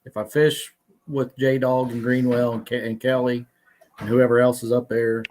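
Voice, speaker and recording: A man's voice: mid-range voice, flat delivery, moderate pace, noisy background. Joking man in casual chat. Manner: joking, storytelling.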